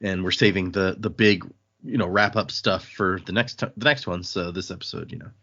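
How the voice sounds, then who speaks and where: A man hosting a casual book-discussion podcast, his voice sitting on the low side. He chats loosely with his co-hosts and reads listener emails aloud. The audio is muffled and lo-fi. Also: steady tone, brisk, bright, forceful tone. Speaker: podcast host.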